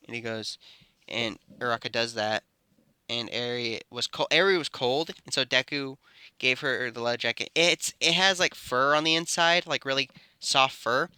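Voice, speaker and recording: A man's voice: mid-range voice, normal speed, pushed and bright, smooth, dry recording, studio quality. A man telling an improvised fan story, rambling and correcting himself as he goes. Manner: rambling, self-correcting narration. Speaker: YouTube storyteller.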